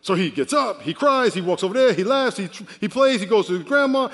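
Male pastor, 50s, fairly high voice, lively sermon storytelling, long church-hall reverb. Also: fast talker, hardly any pauses. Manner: animated storytelling, swings from quiet to loud.

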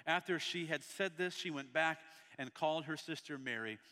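Man, pastor preaching a sermon, bright forceful tone, long reverb, church. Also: on the high side, normal speed. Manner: reads scripture aloud and breaks off to speak to the congregation; swings between loud and soft delivery.

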